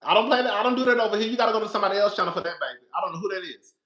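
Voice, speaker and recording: A man giving casual, animated commentary on a reality show, talking straight to his viewers and calling them girl and baby. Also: high-pitched, very fast, roomy sound.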